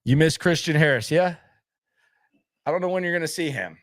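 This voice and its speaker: A man's voice: fairly high pitch, brisk, no room sound, clean studio sound. A man hosting a sports channel, chatting casually and bluntly, skeptical, often repeating himself as he answers viewer comments.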